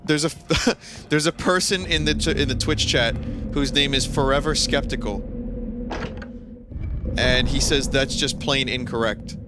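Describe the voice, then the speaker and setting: A man with a New York accent streaming a video game, telling a rambling, profane story full of restarts as casual gameplay commentary. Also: medium pitch. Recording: loud game music behind the voice.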